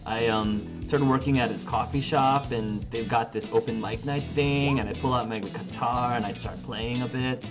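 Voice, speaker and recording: A man's voice: mid-range voice, fairly even intonation, close to an everyday voice. Guy doing an easygoing young guitarist dude, rambly and chill, guitar music behind. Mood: relaxed. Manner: casual, rambling, drawn-out filler words. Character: laid-back young male guitarist, easygoing and chatty. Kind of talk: tabletop role-play over phone call.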